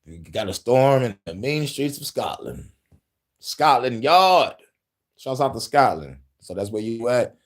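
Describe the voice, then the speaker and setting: A man in his thirties hosting a casual podcast, talking politics and movies with profanity, laughing often and breaking into loud shouted impressions. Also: medium pitch, big pitch swings, a little slow. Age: 30s. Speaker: podcast host.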